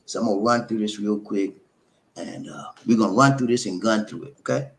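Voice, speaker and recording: A man's voice: lowish voice, a little fast, creaky. A middle-aged man hosting a live advice talk, preachy and repetitive, calling viewers his friends. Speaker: host of a relationship channel.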